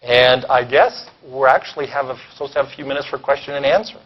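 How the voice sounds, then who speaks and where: A man giving a keynote lecture at a conference, animated and sarcastic, often pausing to check in with the audience. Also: mid-range voice. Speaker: keynote speaker. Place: conference hall. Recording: dull lo-fi recording.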